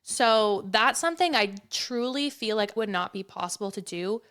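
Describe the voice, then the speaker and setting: A woman's voice: medium pitch, expressive, normal speed, a bit bright. A woman hosting a podcast, talking in a heartfelt, reflective way in casual conversation. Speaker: podcast host.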